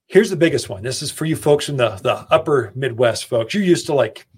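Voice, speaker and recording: A man's voice: mid-range voice, lively intonation, a little fast, breathy edge. A man hosting a gardening radio show, giving folksy, chatty advice straight to his listeners into a studio microphone. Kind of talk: casual radio advice talk.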